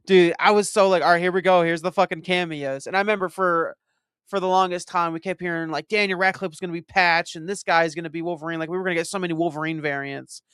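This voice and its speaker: A man hosting a casual movie commentary, retelling his reactions in an excitable, profane, animated way. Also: high voice, quick pace, clean tone, no room sound, studio quality.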